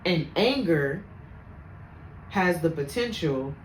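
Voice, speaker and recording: A woman podcast host telling stories about faith and anger, speaking in an animated, preachy way. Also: low-pitched, slow pace, slight background noise. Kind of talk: casual faith talk. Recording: echoey room, faint ambience.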